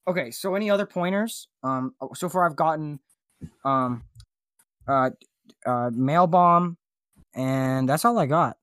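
A man hosting a comedy podcast in a goofy, flustered way. His voice sits a little high and shoots higher when he gets worked up. The recording is close and dry. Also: a little slow, long pauses, fairly bright tone, clean tone, no echo. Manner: goofy, flustered, rising to high squeaky pitch when panicking. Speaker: podcast host. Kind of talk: comedic casual chat.

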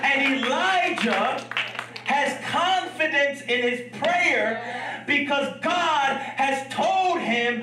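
A man's voice: very high-pitched, very slow, reverberant, recorded from a distance, crowd noise, poor audio. A man preaching a sermon in a church, telling a story with humor and laughing asides. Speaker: pastor. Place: church sanctuary.

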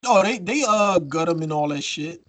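A man cohosting a podcast, telling stories in a casual, profane, animated way. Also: fairly high pitch, normal speed, no echo. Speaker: podcast co-host.

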